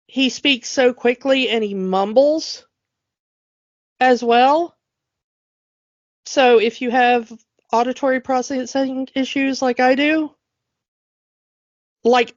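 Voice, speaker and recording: A woman co-hosting a podcast, talking in an animated, emphatic way as she rants. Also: a little high, dry recording. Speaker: podcast co-host. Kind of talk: casual chat. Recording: dull lo-fi dry sound.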